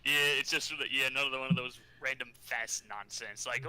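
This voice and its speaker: A man with a very bright, sharp-edged voice chats casually on a podcast, giggling often. He rambles with plenty of "uh" and "like," trailing off and restarting. The mood is loose and friendly. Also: medium pitch, fairly even intonation, normal speed, few pauses, smooth, low-quality recording. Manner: giggly, rambling, filler-heavy talk. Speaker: podcast co-host and video editor. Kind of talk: casual chat.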